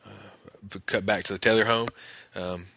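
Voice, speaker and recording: A man's voice: on the low side, steady tone, normal speed, creaky, bright, forceful tone, breathy edge. A man casually recapping a TV episode scene by scene, with plenty of fillers and restarts. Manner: conversational, many fillers and restarts. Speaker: podcast host recapping an episode.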